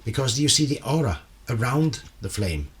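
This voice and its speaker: A male interviewer speaks in an agreeable, searching way, pausing with ums and restarts as he shares his own experiences. His voice sits in an ordinary middle register. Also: medium pitch, sing-song. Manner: agreeable, hesitant, many fillers. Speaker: interviewer host. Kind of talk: conversational interview.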